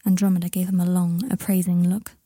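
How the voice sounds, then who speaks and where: A woman narrating a story aloud in a calm, even storytelling manner. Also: on the low side, a little fast, no room sound. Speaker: reader. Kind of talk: audiobook narration of fiction.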